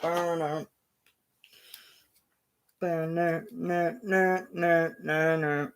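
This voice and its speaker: A man hosting his own show, narrating imagined wrestling action in a casual play-by-play, punctuated with loud sound-effect bursts. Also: fairly high pitch, little pitch movement, extremely slow, vocal fry, clean tone. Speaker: show host.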